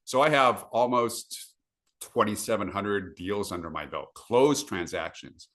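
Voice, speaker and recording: Bright, filler-heavy middle-aged man. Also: on the low side, a little slow. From Southern California. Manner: many uh fillers, animated quoted asides. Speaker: podcast guest. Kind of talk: casual storytelling. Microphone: video call.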